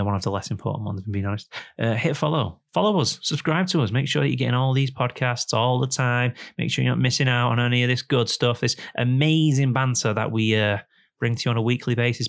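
There's vocal fry in this man's mid-range voice as he hosts a podcast. Indoors with a guest in front of him, he chats casually and reads an ad in a rambling, humorous manner.

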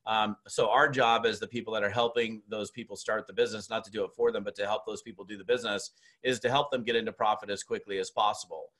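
A man's voice: on the low side, steady tone, fast, few pauses, fairly bright tone. A man coaching on network marketing in casual chat, blunt and emphatic, acting out both sides of phone calls as he tells stories.

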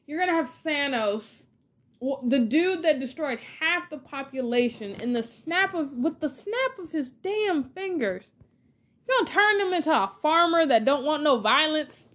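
A woman's voice: sits high, expressive, moderate pace. A woman hosting a casual film review monologue, chatty and exasperated, ranting with lots of filler words. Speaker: podcast host reviewing films.

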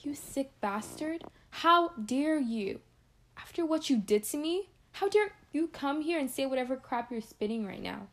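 A woman's voice: a little high, normal speed, darkish tone. A woman playing a furious young woman confronting the man who hurt her, in a drama rehearsal. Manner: angry, accusing.

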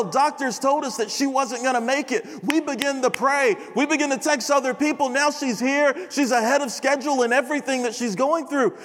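A young man preaching at a chapel service in a casual, animated storytelling manner. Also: extremely high pitch. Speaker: chapel speaker. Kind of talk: sermon with storytelling. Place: large chapel hall. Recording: reverberant hall.

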